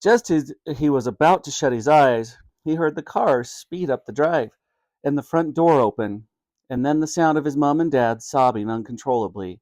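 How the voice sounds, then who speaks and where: A man reading a children's book aloud as a storyteller, animated and expressive. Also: mid-range voice, normal speed, no room sound.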